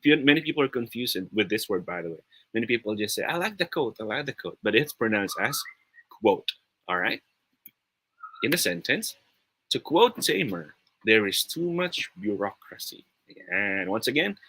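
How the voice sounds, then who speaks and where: A man with a Filipino accent hosts a live-streamed English lesson in a lively, upbeat way. He reads out viewer comments as they come in. His voice is rather low but sounds bright and forceful. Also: no echo, rough recording. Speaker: online English teacher.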